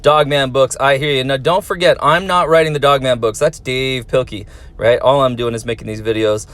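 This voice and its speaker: A man's voice: medium pitch, fairly even intonation, a little fast, a bit bright. A man who teaches, reading viewer comments aloud and answering them in a friendly, encouraging way for young fans. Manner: friendly, encouraging, talks to kids.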